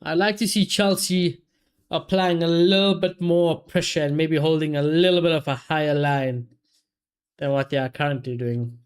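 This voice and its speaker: A man, casually commentating a football match for his live chat and reacting loudly to chances. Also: fairly high pitch, steady tone, normal speed, clean tone. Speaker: streamer hosting a football watchalong.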